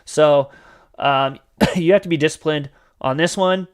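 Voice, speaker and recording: A man with a fairly high, clean-toned voice and measured pace hosts a live trading Q&A stream. His casual teaching is chatty and filler-heavy, with plenty of "you guys" and the odd impression of a panicked trader.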